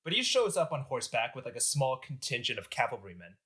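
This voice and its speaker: A young man hosting a podcast, telling a history story with animated jokes and lots of filler words. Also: mid-range voice, fast, husky. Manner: animated, joking, filler-heavy. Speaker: podcast host. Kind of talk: casual history storytelling among friends.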